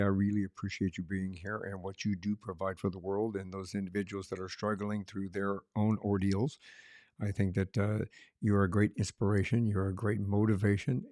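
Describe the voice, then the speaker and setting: A man's voice: lowish voice, dark tone, dry recording, clean studio sound. A man hosting an interview podcast, courteous and effusive with praise. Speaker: podcast host. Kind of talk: casual interview.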